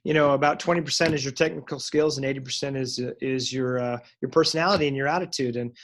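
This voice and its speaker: A man's voice: mid-range voice, steady tone, quick pace, a bit bright. A man who owns a salon, telling upbeat motivational stories in a casual call. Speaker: salon owner and guest speaker. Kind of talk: casual storytelling on a recorded call.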